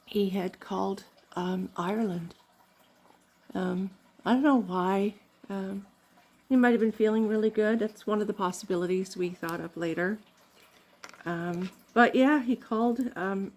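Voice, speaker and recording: A woman's voice: medium pitch, unhurried, pauses often. An older woman from Canada telling rambling, funny family stories in a casual vlog, laughing often. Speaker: vlogger.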